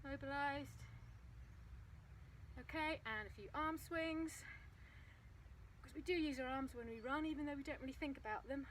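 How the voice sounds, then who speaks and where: A woman recording a casual fitness vlog outdoors on her phone, chatting practically while she demonstrates a running warm-up. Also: sits high, moderate pace, pauses often, slight background noise, poor audio. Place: outdoors on a path. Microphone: phone propped on a ledge.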